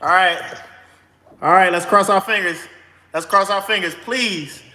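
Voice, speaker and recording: A man doing a comic skit, excitedly filling out a credit card application, rushing and repeating himself over and over. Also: sits high. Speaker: host of a credit advice channel. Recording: echoey room with long reverb.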